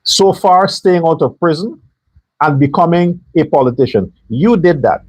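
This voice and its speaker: A man's voice: on the high side, normal speed, darkish tone, slightly rough, poor audio. A man delivering an angry, profane political commentary rant as a show host. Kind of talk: heated political commentary monologue.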